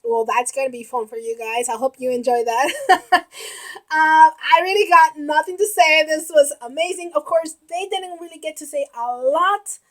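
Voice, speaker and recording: A young woman hosting a reaction video, gushing and emotional, often shouting and giggling as she comments. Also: high-pitched, fairly even intonation, normal speed.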